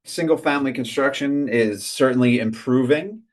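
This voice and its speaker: A man's voice: medium pitch, normal speed. Man economist in a conversational tone. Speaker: economist interviewee. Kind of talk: interview clip.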